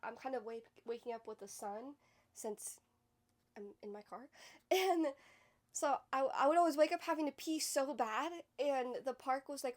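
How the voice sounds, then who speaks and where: A young woman hosting a podcast, telling a candid personal story in a rambling, emotional way with lots of "like". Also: sits high. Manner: rambling, emotional, heavy use of "like". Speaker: podcast host.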